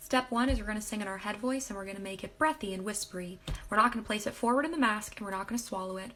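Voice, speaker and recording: A woman's voice: mid-range voice, a bit bright. A woman explaining step by step, in an upbeat and chatty way, how to sing like pop singers. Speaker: singer and impressionist. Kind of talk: casual singing tutorial.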